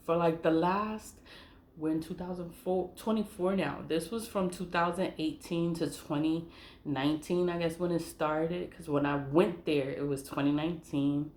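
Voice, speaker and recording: A woman's voice: deep voice, steady tone, normal speed, a little mellow, roomy sound, slight background noise. A woman casually telling a personal story, blunt and profane, who laughs often and repeats the phrases she wants to stress. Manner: emphatic repetition of key phrases.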